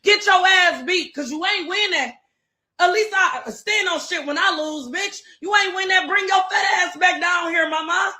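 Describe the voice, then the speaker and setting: A woman yelling a profane, taunting tirade. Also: very high voice, normal speed. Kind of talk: shouted live-stream tirade.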